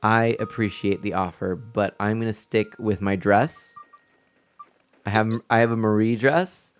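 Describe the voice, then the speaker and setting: A man's voice: fairly low pitch, unhurried, smooth, soft background music. Rambling, chatty male game streamer. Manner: chatty, rambling, stumbles over words. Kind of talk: casual chat while playing a game. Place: room at home. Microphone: new desk mic setup.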